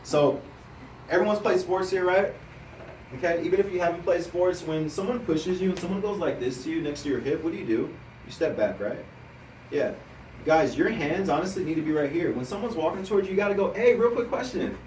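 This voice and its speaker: A man training a sales team in a live talk to a group, energetic and coaching, often checking in with the listeners. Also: on the high side, fairly quick, a little hiss or hum. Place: indoor room with a group. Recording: roomy sound from a distance, faint background.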